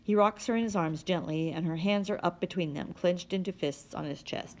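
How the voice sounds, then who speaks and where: A woman reading a novel aloud in a steady, plain manner. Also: fairly low pitch, brisk, a little hiss or hum. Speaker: audiobook reader.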